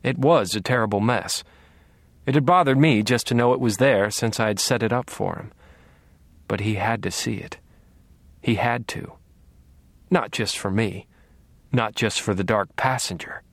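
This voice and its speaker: A man narrating a first-person audiobook in a quiet, measured, menacing way. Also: lowish voice, no echo.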